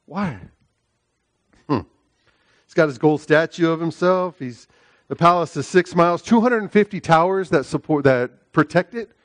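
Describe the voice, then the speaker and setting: A middle-aged man preaching a sermon, telling a personal story. He speaks emphatically and repeats phrases, often asking "right?", and swings between loud, high preaching and quieter storytelling. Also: moderate pace, long pauses, no room sound.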